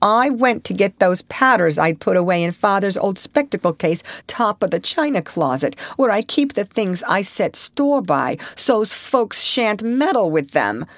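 A woman voicing a sour, aggrieved middle-aged farm wife with sharp, plaintive rural speech. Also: lowish voice, very animated, measured pace, dry recording.

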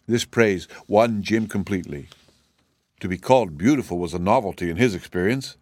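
A man reading a children's storybook aloud in steady, measured narration. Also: deep voice, no room sound. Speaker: audiobook reader. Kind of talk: scripted narration.

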